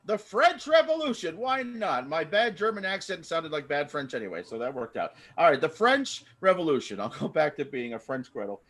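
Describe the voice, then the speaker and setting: A man's voice: on the high side, sing-song, a little fast, hardly any pauses, fairly bright tone. A man hosting an improv comedy show over a video call, chatty and rambling. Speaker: improv host. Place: home via video call.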